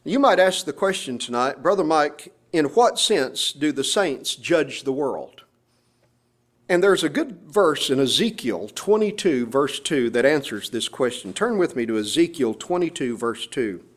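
A man's voice: a little high, sing-song, a little slow. A man preaching a sermon, explaining and quoting scripture passages with emphasis. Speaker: pastor.

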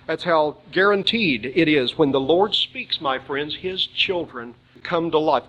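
A man preaching a sermon, reading scripture slowly and emphatically and answering his own rhetorical questions. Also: a little high, fairly bright tone, rough recording.

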